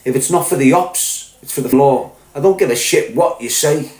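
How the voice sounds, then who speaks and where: A man's voice: medium pitch, moderate pace, a little mellow. A man with a Scouse accent hosting a podcast, ranting in crude, joking, mock-aggressive banter. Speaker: podcast host. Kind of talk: casual livestream rant. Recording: roomy echo.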